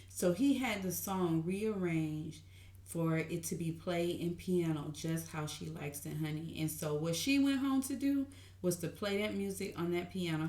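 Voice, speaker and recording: A woman giving an excited, gushing TV recap to her viewers, calling them honey and y'all in an animated way. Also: mid-range voice. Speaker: TV recap vlogger. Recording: roomy echo.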